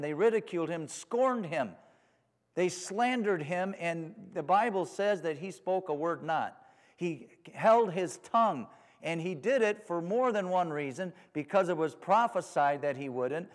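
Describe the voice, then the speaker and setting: Male preacher, high voice, hall reverb; sermon with call-and-response amens.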